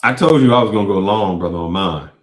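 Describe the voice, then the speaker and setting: A man's voice: sits low, quick pace. A man hosting a show, giving emphatic reaction commentary on clips and repeating phrases for effect. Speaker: show host. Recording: echoey room.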